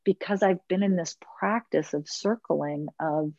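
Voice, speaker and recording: A woman's voice: on the low side, a little slow, dark tone, no echo, lo-fi sound. A woman who leads women's circles, speaking earnestly and unhurriedly in a reflective podcast conversation, drawing out her key words.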